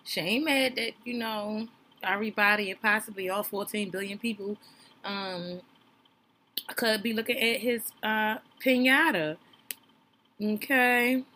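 A woman's voice: medium pitch, fairly even intonation, a little slow, bright, forceful tone, slight background noise. A woman giving casual, playful reaction commentary on a reality show, talking straight to her viewers in a slangy, chatty way. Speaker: reaction streamer.

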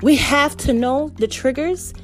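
A woman's voice: sits high, a little slow, faint music behind. A woman vlogger telling an earnest devotional story and calling her viewers family. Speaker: faith vlogger.

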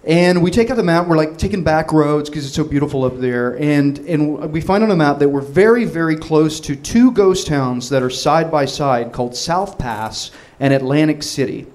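A man telling a comic personal story, rambling and animated, with lots of restarts and fillers. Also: fairly high pitch, normal speed, few pauses.

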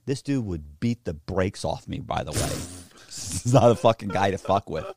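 As an interview guest, a man tells a story casually, swearing freely and animatedly acting out the people involved. His low voice is creaky and husky, at a normal speed.

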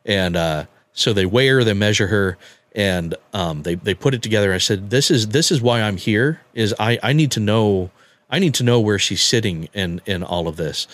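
A man with a low voice tells a long personal story in podcast conversation. He stumbles and repeats words, and slips into the voices of the people he quotes. The sound is dry and close. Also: expressive, normal speed, a bit bright, dry recording. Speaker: guest telling his story.

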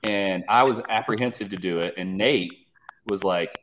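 A man's voice: lowish voice, normal speed, fairly bright tone, slight background noise. A man guesting on a podcast, telling brash, joking stories and swearing freely. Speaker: guest, mountain bike video creator. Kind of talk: casual chat.

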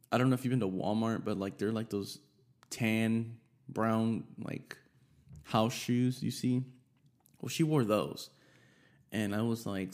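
A young man rambles through a personal story in a low, gravelly voice. His talk is loose and profane, full of fillers and asides. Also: darkish tone. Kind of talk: casual storytelling.

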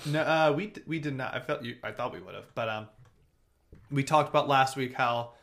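Young male podcast co-host, casual and rambling, with a bright tone. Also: medium pitch. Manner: rambling, quick bursts of talk. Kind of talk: casual sports chat.

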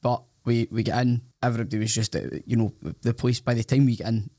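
A man's voice: mid-range voice, steady tone, quick pace, warm tone, dry recording, clean studio sound. A Scottish man co-hosting a podcast, telling stories in a rambling, self-deprecating way that is full of restarts. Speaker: podcast co-host. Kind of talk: casual podcast chat.

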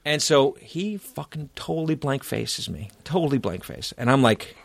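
A man's voice: mid-range voice, lively intonation, moderate pace, vocal fry, no echo. A middle-aged man with a mid-range voice spins a comic anecdote for his co-host, loose and profane. He acts out his own panic as he goes. The sound is close and dry, with no room around it. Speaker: podcast co-host. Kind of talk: casual comedic storytelling.

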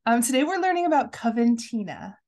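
A woman co-hosting a podcast in casual chat, her voice a little gravelly from being sick, chatty and giggly with lots of fillers. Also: a little high, sing-song, brisk, a little mellow. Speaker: podcast co-host.

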